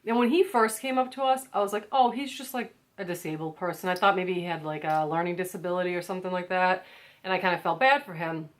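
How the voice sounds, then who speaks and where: A woman's voice: on the low side, fast. Chatty American woman telling a story. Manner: chatty, lots of "like", acts out quotes. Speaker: vlogger. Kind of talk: casual storytelling to camera.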